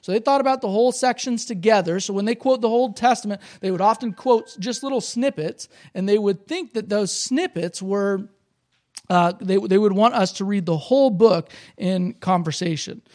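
A man with a notably high voice preaches a sermon at a church service. He teaches in a relaxed, conversational way, going back over each point so the congregation can follow. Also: moderate pace. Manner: conversational, explanatory, repeats points for emphasis. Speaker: pastor.

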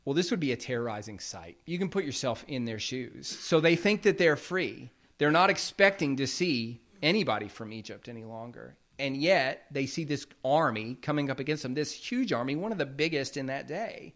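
A man's voice: mid-range voice, lively intonation, normal speed, few pauses, fairly bright tone. A man preaching a sermon as pastor, explaining scripture in a plain, conversational way.

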